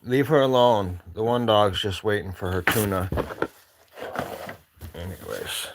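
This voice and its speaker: A man's voice: lowish voice, measured pace, background noise. A man vlogging casually from his cabin with a rambling, wry manner and an Upper Midwest American accent. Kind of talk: casual chat. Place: remote cabin.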